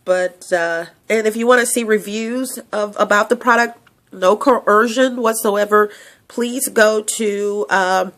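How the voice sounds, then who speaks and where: A woman's voice: medium pitch, takes it slowly, a bit bright. A woman host talking through her nose with sniffles, chatting loosely about her hair product, rambling with many restarts and fillers, into a handheld mic. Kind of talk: casual product vlog. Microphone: handheld microphone.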